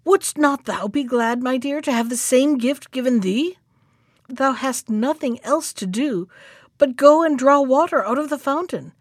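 A harsh, excitable mother from a storybook, shrill and scolding, as a woman narrator puts her on. Her voice sits high and sounds dry and close. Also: no room sound. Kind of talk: storybook reading.

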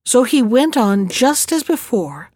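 A woman narrating a storybook tale in a steady, measured way. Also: a little high, no echo, studio quality. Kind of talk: storybook reading.

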